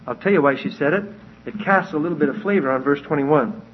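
A man with a somewhat high, husky voice walks through a Bible passage verse by verse. He talks in a conversational way and keeps asking his listeners questions. The recording sounds dull and lo-fi. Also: fast talker. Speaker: Bible teacher.

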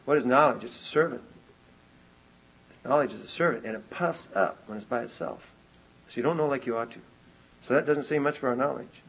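A man preaching a sermon to a congregation, animated and emphatic, often restarting his sentences and rising to loud peaks. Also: medium pitch, fairly quick, vocal fry, pauses often, husky. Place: church meeting hall with congregation. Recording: muffled lo-fi recording.

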